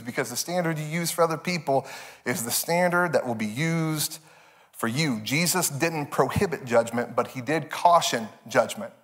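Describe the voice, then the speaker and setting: Animated preaching pastor, man. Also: normal speed. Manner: animated storytelling, jumps high for quoted voices. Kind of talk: sermon.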